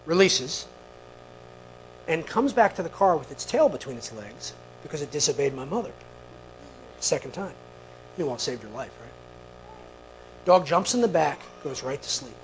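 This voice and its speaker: A man with a slightly higher voice tells a long personal story to a live audience. He talks in an animated way and keeps turning to the listeners with quick asides. A faint hum sits under the recording. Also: rough recording. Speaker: speaker.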